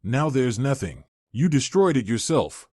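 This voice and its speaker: A betrayed young woman, as a man reads her, firm and cold in every word. Her pitch moves a lot, and the sound is dry and close. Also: sing-song, a little slow, darkish tone, no echo.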